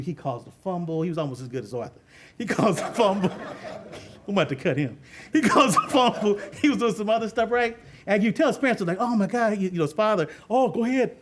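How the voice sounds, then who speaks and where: A middle-aged man with a high voice tells a story from coaching youth football. He is animated, laughs often and acts out the voices of the people in his story. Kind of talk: storytelling talk on leadership.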